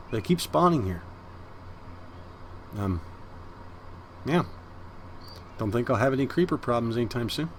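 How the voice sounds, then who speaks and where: A man with a medium-pitched voice hosts a Minecraft let's-play, chatty and rambling in casual gameplay commentary as he calls his viewers guys. He coos at the cats in his base with baby talk and meowing, over slight background noise.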